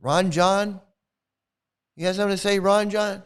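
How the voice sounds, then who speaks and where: Smooth and high-pitched, this man's voice keeps fairly even intonation at a moderate pace. A middle-aged host of his own YouTube channel, he goes on a profane live-stream rant, angrily and confrontationally swearing at commenters.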